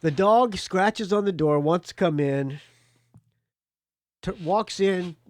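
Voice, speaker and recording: A man's voice: high-pitched, takes it slowly, no echo, clean studio sound. A man hosting his own podcast, talking casually and rambling, now and then swearing. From United States. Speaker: podcast host. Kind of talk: casual solo podcast talk.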